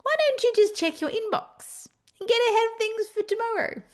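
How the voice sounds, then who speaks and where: A woman's voice: very high-pitched, lively intonation, normal speed, darkish tone, pitched above the performer's own voice. A woman voicing her own nagging inner voice, firing off one demanding question after another. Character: nagging female inner voice, relentless.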